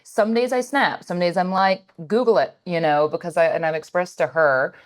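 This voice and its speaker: A woman in her thirties co-hosting a podcast, telling family stories in a casual, animated chat with lots of fillers. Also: on the low side, normal speed. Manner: animated storytelling, many fillers. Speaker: podcast co-host.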